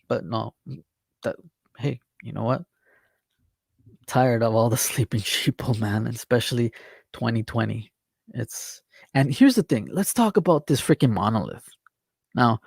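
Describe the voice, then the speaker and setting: A worked-up man hosts his own talk show and reads news clippings aloud between scolding asides. His voice is gravelly and mellow, and it sits in a dry room with no echo. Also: medium pitch, animated, measured pace, pauses often. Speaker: host of an online talk show. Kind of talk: ranting commentary while reading news articles aloud.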